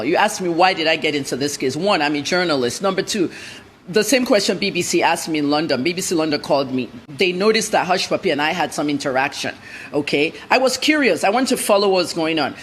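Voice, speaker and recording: A woman's voice: low-pitched, lively intonation, fairly quick, a little hiss or hum. A middle-aged woman journalist answering interview questions bluntly and emphatically, jumping from point to point. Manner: blunt, emphatic, jumps between topics.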